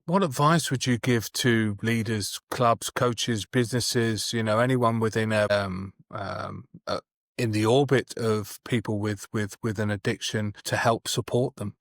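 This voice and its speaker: A man hosting a podcast, asking a question haltingly with fillers. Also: fairly low pitch, no echo, studio quality. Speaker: podcast host. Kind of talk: interview questions.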